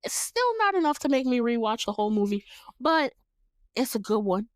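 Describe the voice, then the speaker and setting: A woman's voice: on the high side, sing-song, normal speed, clean tone, no room sound, studio quality. A woman in her late twenties hosting a podcast, giving a casual and candid recap of a movie, cursing freely and laughing often. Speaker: podcast host.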